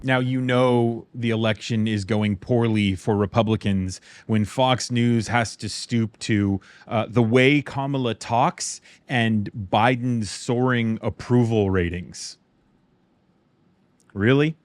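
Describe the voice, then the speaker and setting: A man's voice: medium pitch, takes it slowly, no echo. A man hosting a political commentary channel, speaking in an indignant, partisan way. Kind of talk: commentary voice-over.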